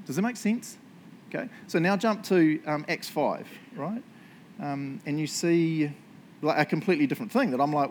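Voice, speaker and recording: Chatty joking preacher man, fairly high voice. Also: expressive, brisk, a little hiss or hum. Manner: chatty, joking, tag questions. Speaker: pastor. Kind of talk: sermon.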